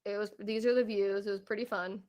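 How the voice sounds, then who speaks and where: A woman's voice: mid-range voice, fairly even intonation, brisk, a little mellow. A young woman co-hosting a podcast, chatting casually about a trip, laughing often and acting out what people said. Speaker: podcast co-host.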